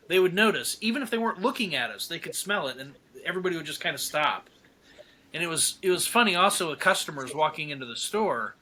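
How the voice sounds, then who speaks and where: A middle-aged man with a bright, forward voice that sits a little high for a man. He tells stories in an animated, casual way, laughs often, and acts out other people's lines as he goes. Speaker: podcast guest. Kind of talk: casual storytelling chat.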